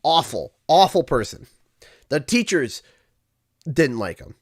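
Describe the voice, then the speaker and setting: A man from Canada hosting a livestream, telling a school story in a casual, animated way. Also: a little high, slow pace. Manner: animated, acts out quoted voices. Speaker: livestream host.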